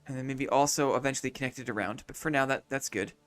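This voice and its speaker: A man's voice: mid-range voice, fast, a bit bright. A man streaming a city-building game, thinking aloud in casual commentary, repeating his own phrases and chatting to viewers between moves.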